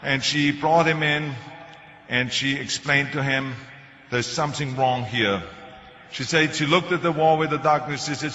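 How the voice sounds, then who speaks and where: An older motivational speaker with a German accent delivers a public speech in English, telling anecdotes with a joking edge. His fairly high voice is bright and forceful, with fairly even intonation and a moderate pace. The sound is dull and echoey, as in a hall, with slight background noise.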